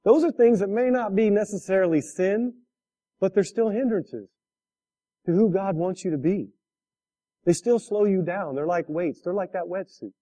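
A man's voice: sits high, normal speed, dark tone. A man preaching a sermon, telling a story with laughs and asking the listeners direct questions. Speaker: pastor.

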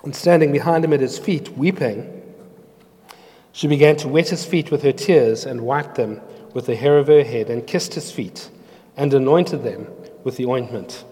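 A man preaching in an earnest, storytelling way, with his voice at a middle pitch for a man. A long reverb trails his words through a large hall, as if from a church. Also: normal speed, warm tone. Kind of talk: sermon with scripture reading.

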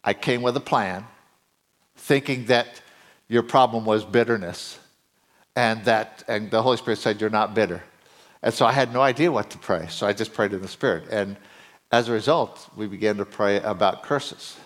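A middle-aged male preacher giving a sermon, his voice climbing higher and louder as he gets excited. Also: normal speed. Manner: voice climbs high and loud when excited.

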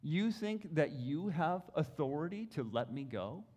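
A preacher playing a calm divine king who speaks low and hushed, addressing his listener directly and deliberately. The voice sits a little high for a man, with the pitch swinging widely between soft drops and rises. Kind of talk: dramatic first-person sermon monologue.

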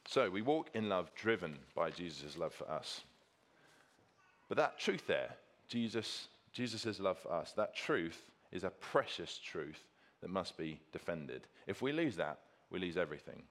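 A man's voice: low voice, big pitch swings, a little slow, a bit bright. A man preaching a sermon with slides, earnest and emphatic, repeating key phrases for stress.

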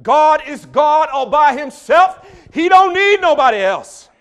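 A man doing an impression of a fiery male preacher from Alabama, with a Southern accent and a booming, drawn-out preaching cadence. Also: very animated, a bit bright, exaggerated voice. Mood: thundering.

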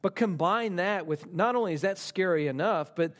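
A middle-aged man preaching a sermon, stressing points by repeating phrases and slowing down on key lines. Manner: speaks slowly on key lines and rises in pitch for emphasis. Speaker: pastor.

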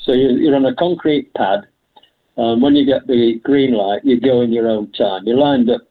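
A man's voice: medium pitch, normal speed. An older man speaking as a guest in an interview, telling anecdotes in a chatty way with frequent laughs. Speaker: guest, veteran hill climb driver. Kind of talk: conversational interview. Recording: tinny phone line.

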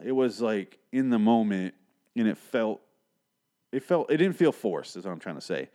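A man's voice: mid-range voice, big pitch swings, moderate pace, a little mellow. A man hosting a podcast, recapping a TV episode in a rambling, profane, argumentative way. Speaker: podcast host.

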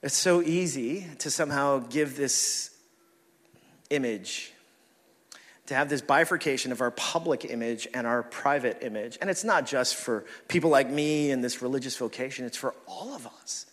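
A male pastor preaching a sermon, telling stories in an animated, self-deprecating way and laughing often. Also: mid-range voice, normal speed. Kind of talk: sermon with personal storytelling. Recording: reverberant hall.

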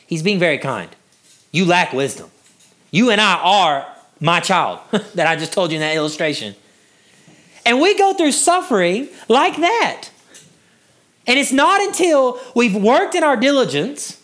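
A man preaching a sermon as a pastor, animated and quick to laugh, his voice climbing when he gets stirred up. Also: sits high.

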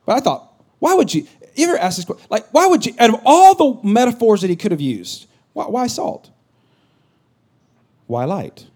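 High-voiced joking pastor preaching. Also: male voice, big pitch swings, normal speed, a little mellow, breathy edge. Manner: conversational, joking preacher with rising emphatic bursts. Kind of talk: sermon.

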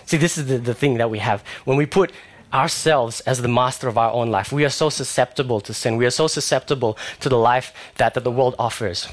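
A young man preaching a sermon in a conversational way, with fillers and animated stories. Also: mid-range voice, a little fast, few pauses.

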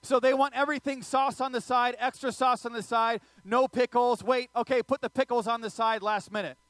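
Male pastor, bright high voice, playful sermon storyteller. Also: a little fast, dry recording. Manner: animated, joking, audience asides.

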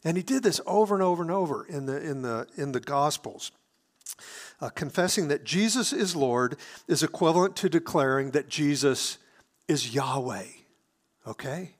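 A man's voice: fairly high pitch, animated, normal speed. A man preaching a sermon, explaining scripture earnestly, often restarting his phrases.

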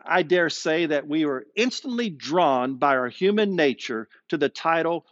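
A man's voice: dry recording, muffled recording. Male pastor preaching a dramatic sermon. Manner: expressive preaching, slows down and drops low for emphasis. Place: streamed sermon with online chat.

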